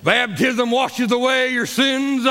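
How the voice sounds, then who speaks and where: A man's voice: very high-pitched, slow, sharp tone, a little hiss or hum, exaggerated voice. A man voicing a pompous old-timey male country preacher, declaiming through his own laughter. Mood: mock solemn. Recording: long church reverb.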